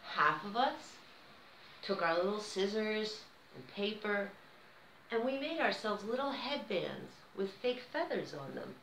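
A woman's voice: mid-range voice, big pitch swings, measured pace, creaky, fairly bright tone, echoey room, slight background noise, poor audio. An American woman telling a personal story in a conversational vlog style, with an American accent. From United States. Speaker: vlogger.

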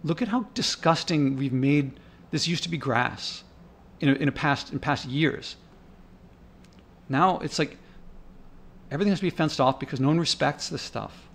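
A man with a fairly high voice narrates over his own footage in a loose, unscripted way. He sounds indignant and worked up, rambling and thinking aloud with restarts. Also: normal speed, gravelly, pauses often, a bit bright. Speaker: vlogger. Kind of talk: casual narrated commentary over park footage.

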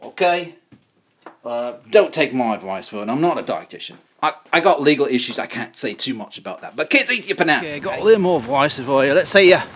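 A man's voice: on the high side, a bit bright. A man playing a rambling, preachy vegan kids TV host who talks down to children and repeats his words, with music underneath. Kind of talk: comedic kids-show parody.

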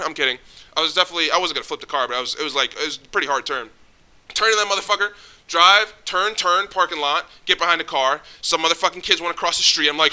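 Young adult male vlogger, animated storyteller, cursing, sharp bright tone. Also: on the high side, fast. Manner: excitable, profane, animated. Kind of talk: casual storytelling.

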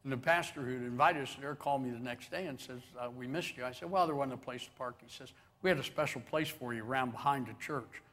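A man's voice: mid-range voice, fast talker, few pauses, a bit bright. A man preaching a sermon as pastor, telling stories animatedly and acting out the quotes with chuckles. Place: church sanctuary with long reverb.

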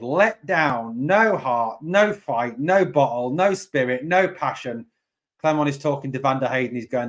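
A man's voice: fairly high pitch, unhurried, fairly bright tone. A man hosting a live fan stream, reacting to a match result. He sounds angry and deflated, repeats himself and swears a lot. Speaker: fan channel host.

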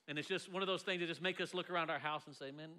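Male pastor, high voice, bright and ringing, jokey sermon delivery. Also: very fast. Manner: playful, joking, lively delivery with laughs. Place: church sanctuary before a congregation.

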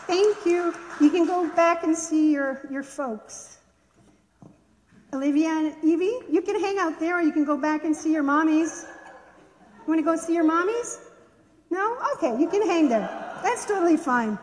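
A woman gently and expressively reading a children's story aloud in a church worship service. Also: extremely high pitch, expressive, measured pace, long pauses, big-room sound.

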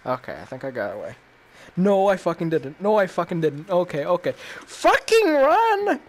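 A man's voice: on the high side, sing-song, brisk, darkish tone. A man reacting while playing a VR game, jumpy and panicky and swearing constantly. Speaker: gamer.

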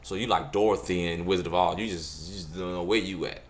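A man with a fairly low voice tells funny everyday stories straight to the camera. He talks loose and casual and drops words. When he acts out the scenes he jumps into other voices. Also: a little fast, hardly any pauses, a little hiss or hum. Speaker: vlogger. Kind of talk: casual storytelling monologue.

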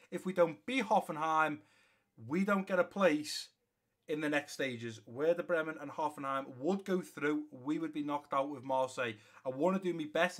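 A young man commentating on his own football video game, chatting to viewers and calling the action play by play. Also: on the high side. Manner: live play-by-play, grows loud and excited during match action. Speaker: gaming YouTuber. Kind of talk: gameplay commentary.

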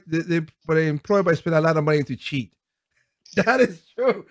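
A man's voice: on the high side, animated, fairly quick, no room sound. Rambling male podcast host. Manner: rambling, laughs often. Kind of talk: casual chat reading viewer comments.

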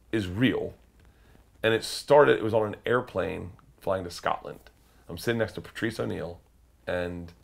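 A man, a comedian guest, telling animated profane stories and acting out the other people's voices. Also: low voice, gravelly. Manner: lively, profane, acts out voices. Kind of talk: animated storytelling.

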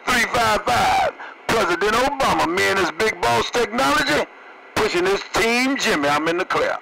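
A man's voice: sits high, lively intonation, fairly quick, gravelly. A man trading jokes over CB radio, using radio lingo and laughing between lines. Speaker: CB radio operator. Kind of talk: CB radio banter. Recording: noisy CB radio transmission.

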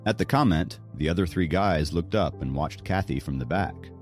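A deep-voiced man narrating a novel in an audiobook. His delivery is expressive and lively, rising and falling through the story, with faint music running underneath. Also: normal speed. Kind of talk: scripted narration.

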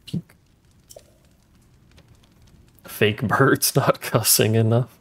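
A man's voice: on the low side, unhurried, vocal fry. A male streamer giving casual game commentary, dry and joking, muttering to himself as he plays.

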